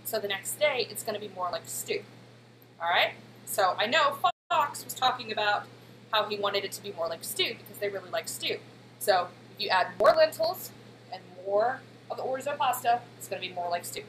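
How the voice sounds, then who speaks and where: A woman's voice: mid-range voice, expressive, normal speed, fairly bright tone, a little hiss or hum, rough recording. A woman in her thirties in a home kitchen, chatting casually with her live chat while she walks through a recipe. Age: 30s. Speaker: cooking streamer. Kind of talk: casual live-stream cooking demo.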